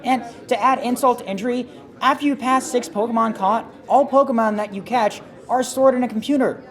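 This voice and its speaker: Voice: medium pitch, brisk. A segment host delivering an incredulous, exaggerated comedic rant.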